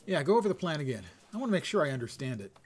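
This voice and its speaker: A man's voice: a little high, racing, faint music behind. Laid-back man streaming a game. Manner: relaxed, self-deprecating, reads game text aloud. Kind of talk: low-energy casual game commentary.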